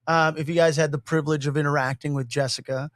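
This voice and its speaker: A man's voice: fairly high pitch, fast. A man co-hosting a podcast in casual chat, acting out quotes as he tells stories. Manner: animated storytelling, acting out quotes. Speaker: podcast co-host and shop owner.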